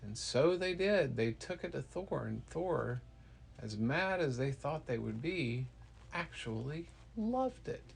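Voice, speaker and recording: A man telling a playful bedtime story to his child, slow with hesitant fillers. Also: mid-range voice, very animated, creaky, husky. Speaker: parent storyteller.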